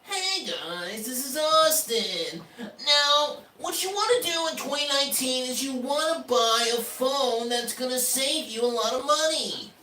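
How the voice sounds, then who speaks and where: A man's voice: extremely high pitch, expressive, a little slow, hardly any pauses, bright, forceful tone, voice pushed up, full character voice. A man doing an impression of a cheerful male tech YouTuber greeting viewers. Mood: chipper. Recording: echoey room, mic at a distance.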